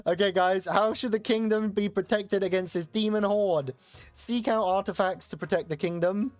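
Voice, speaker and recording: Excitable streamer hosting a chat game. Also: mid-range voice, normal speed, no echo. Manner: excitable, loose, swears casually. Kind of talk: casual live-stream chat.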